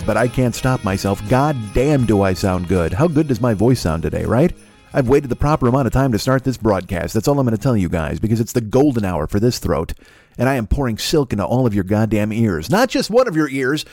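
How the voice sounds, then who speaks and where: A man's voice: fairly low pitch, a little mellow, no echo. A man hosting a comedy podcast, delivering a boastful, crude, mock-seductive monologue about his own voice. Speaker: podcast host.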